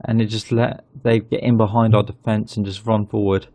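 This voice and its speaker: A man hosting his gaming channel, chatting casually through a football management game and getting excited at goals. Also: lowish voice, a little fast, dry recording.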